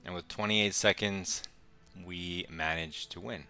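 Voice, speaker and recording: Man, deep voice, crisp bright tone, mutters moves and dry jokes while playing chess. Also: steady tone, faint music behind. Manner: quick, muttering play-by-play with wry asides. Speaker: chess streamer. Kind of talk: casual live game commentary.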